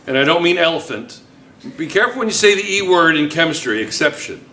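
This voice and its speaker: At the board in a chemistry class, this teacher goes over points again and again and keeps checking on his students. He sounds high, very animated, quick, bright and forceful. He's caught far off by a camera in an echoey classroom with faint background noise.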